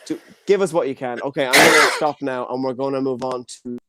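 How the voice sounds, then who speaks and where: A man's voice: mid-range voice, steady tone, fairly quick, heavy background noise. A young Irish man hosting an online comedy show over a video call, rambling and cheeky in a self-deprecating stand-up set. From Ireland. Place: home, streamed online.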